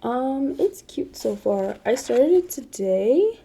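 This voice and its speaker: A woman's voice: fairly high pitch, sing-song, slow pace, vocal fry, mellow, breathy edge. A young woman vlogging casually about books, chatty, swearing freely, with defensive asides. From United States. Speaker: book vlogger. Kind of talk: casual chat.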